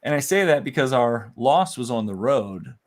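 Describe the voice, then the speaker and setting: A middle-aged man co-hosting a casual chat show, easygoing and quick to laugh. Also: mid-range voice, expressive. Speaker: co-host.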